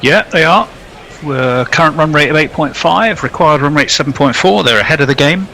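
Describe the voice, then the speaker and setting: A man's voice: a little high, fairly quick, vocal fry, sharp tone, poor audio. A man co-commentating on live cricket, giving chatty and wry analysis.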